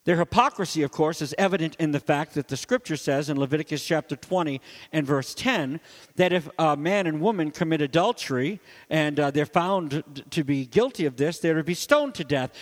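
A man pastor preaching emphatically, his high voice climbing on loud points and dropping low to quiet ones. His words ring with a long reverb in a church. The delivery stays forceful and personal throughout. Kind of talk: sermon.

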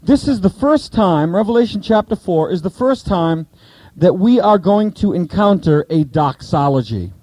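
A man teaching a Bible study to a group, asking the listeners questions and repeating key points slowly. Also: high voice, lively intonation, a little mellow, dry recording, rough recording.

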